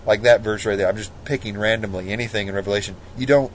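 A man's voice: fairly low pitch, steady tone, fast talker, a little hiss or hum, poor audio. A man giving an informal Bible study, talking things through conversationally and reading scripture passages aloud. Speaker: Bible teacher.

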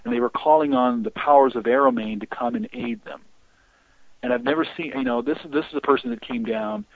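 Gravelly man on a tinny phone line. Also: on the high side, sing-song, no echo. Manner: rambling, halting with many restarts. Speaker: guest on deliverance ministry. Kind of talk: storytelling interview talk.

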